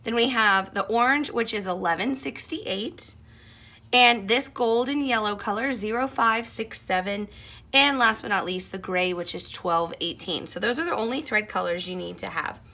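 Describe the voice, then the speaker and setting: Woman, sewing instructor, bright tone, chatty step-by-step tutorial. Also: mid-range voice, moderate pace. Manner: friendly, chatty step-by-step explaining. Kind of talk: machine embroidery tutorial.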